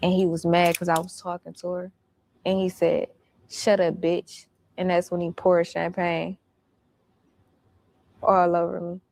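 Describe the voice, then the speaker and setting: A woman's voice: lowish voice, monotone, measured pace, creaky, pauses often, darkish tone. A woman recounting events in casual storytelling, blunt and profane.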